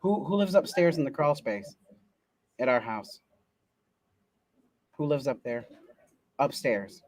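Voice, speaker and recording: A man's voice: medium pitch, big pitch swings, takes it slowly, pauses often, a little hiss or hum. A man co-hosting a live podcast, telling a playful story and teasing, acting out lines as he talks. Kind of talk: casual chat, telling a story. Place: live show at an event.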